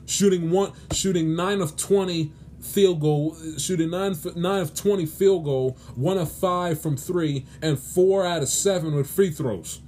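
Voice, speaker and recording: This sports podcast host rants on his own in a pleading, exasperated way, restarting and stammering a lot. His high-side voice is unhurried and darkish, with hardly any pauses and a bit of background noise.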